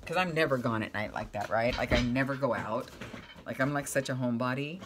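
Low-voiced chatty woman crafting. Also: brisk, slight background noise. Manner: rambling, chatty, talks to her cat. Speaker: craft vlogger. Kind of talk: casual crafting chat.

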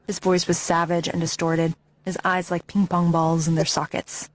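A woman's voice: lowish voice, flat delivery, normal speed, no room sound. A woman narrating a memoir audiobook with intense, emotionally charged reading.

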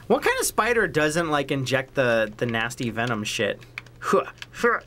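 A young man giving casual commentary while he plays a video game. He gets excitable, talks to the characters on screen and repeats phrases. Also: mid-range voice, a little slow, a little hiss or hum. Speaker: let's play host.

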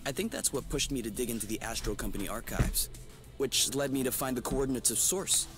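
An actor playing a soft-spoken, thoughtful young man in a video game, speaking tenderly to his partner. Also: mid-range voice, fairly quick, over music, natural voice.

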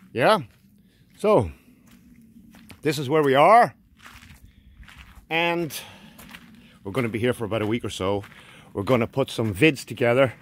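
Animated Irish man vlogging outdoors. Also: on the low side, slight background noise. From Ireland. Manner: animated, joking, chatty. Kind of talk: casual walking vlog. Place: outdoors in a forest.

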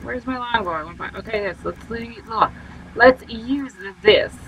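A woman's voice: fairly high pitch, wildly swooping pitch, normal speed, creaky, slight background noise, low-quality recording. A woman streaming a game live and chatting to her viewers, self-mocking and full of exclamations. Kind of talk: live gameplay commentary.

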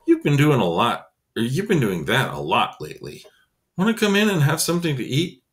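A man's voice: medium pitch, wildly swooping pitch, brisk, pitched above the performer's own voice. A man voicing a chatty, friendly young boy who talks eagerly.

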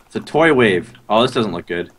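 A man's voice: lowish voice, animated, fairly quick, a bit bright, husky. A young man from Canada playing along in a casual let's-play, teasing with laid-back banter. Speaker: co-player.

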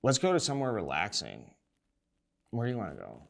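A man's voice: fairly low pitch, a little fast, gravelly, slight background noise. A young man hosting a sports show, ranting in a rowdy, rambling, comedic way and swearing freely. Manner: profane, excitable, rambling. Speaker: show host.

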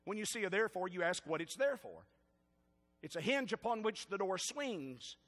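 A man's voice: high voice, expressive, moderate pace, a bit bright, big-room sound. A middle-aged man with a Southern US accent, a pastor preaching a sermon with rising, stirred-up emphasis and jokes for the congregation. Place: church sanctuary.

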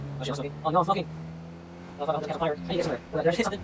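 A man commentating over his gameplay as a taxi driver, swearing constantly and swinging between furious yelling and low muttering. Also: fairly even intonation, rapid-fire, slight background noise. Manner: profane, swings from rage-filled yelling to muttering. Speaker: gamer playing a taxi driver. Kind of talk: let's-play commentary.

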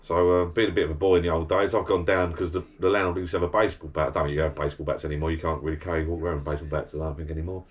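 Man in his 40s, very deep voice, meandering chatty storyteller, garden bar shed. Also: fairly even intonation, rapid-fire, few pauses. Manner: chatty, meandering, blokey storytelling with self-corrections. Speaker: vlogger. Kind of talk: rambling anecdotal monologue to camera.

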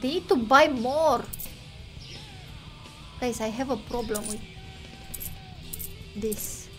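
Young woman streamer who talks slowly in a high voice, shouts at the game and mutters to chat; faint game music underneath. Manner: excitable, talks to chat, exclaims loudly and mutters numbers. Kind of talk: casual gameplay commentary.

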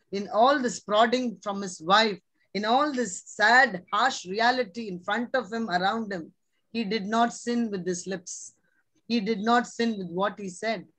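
A woman preaching a sermon with a slightly high voice. She is earnest and exhorting and keeps pressing her listeners with rhetorical questions. She sounds middle-aged. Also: rough recording. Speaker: preacher, religious sister.

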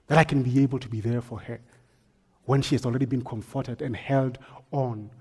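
Male pastor, husky mid voice, storytelling sermon with hushed and loud turns. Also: medium pitch, fairly even intonation, a little fast. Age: adult, married. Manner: storytelling, swings from hushed to forceful.

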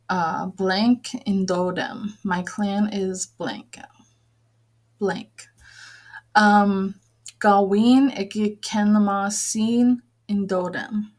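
A woman leads a calm language lesson, speaking at a very slow, deliberate pace. She says each word more than once and then explains it in a gentle, patient way. Her voice sits at a middle pitch. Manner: patient, repeats each word slowly, frequent fillers. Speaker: language teacher. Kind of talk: slow, careful vocabulary lesson with repeated words.

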